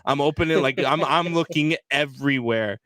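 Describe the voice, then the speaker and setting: A man's voice: mid-range voice, normal speed, no room sound. Co-host, male, chatty storyteller, dry close sound. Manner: animated storyteller, many fillers. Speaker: podcast co-host. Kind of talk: casual live sports chat.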